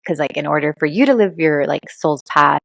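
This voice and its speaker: A Cuban-American woman, a guest on a podcast, chatting casually and telling animated stories with plenty of fillers. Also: sits low, a little fast, gravelly, dry recording. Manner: animated storyteller, many fillers. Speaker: guest, intuitive reader and author.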